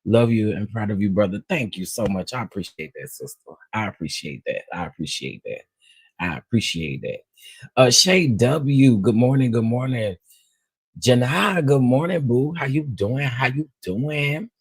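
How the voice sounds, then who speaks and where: Man, livestream host, AAVE speech, husky, dry close sound, playful chat. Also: fairly low pitch, moderate pace, no room sound. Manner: animated, greets viewers one by one, playful.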